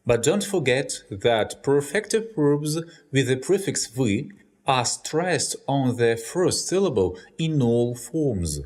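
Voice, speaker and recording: A man with a Russian accent, a native Russian speaker, giving a scripted language lesson with careful, deliberate explanations. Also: medium pitch, big pitch swings. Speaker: language teacher.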